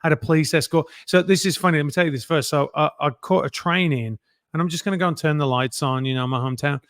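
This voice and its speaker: A middle-aged man telling animated stories as an interview guest, slipping into other people's voices as he goes. His voice sits a little high for a man. The sound is close and dry, with no room around it. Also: fast talker, no room sound. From England. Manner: animated anecdotes, acting out other people's lines. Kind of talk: casual interview storytelling.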